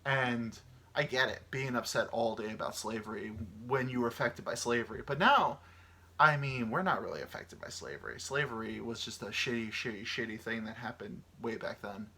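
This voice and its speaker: Thirties male solo podcaster: loose, profane, rambling delivery with a bright, animated voice. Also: mid-range voice, normal speed, breathy edge. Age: 30s. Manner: rambling, crude, many fillers. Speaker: podcast host. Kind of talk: casual solo podcast monologue.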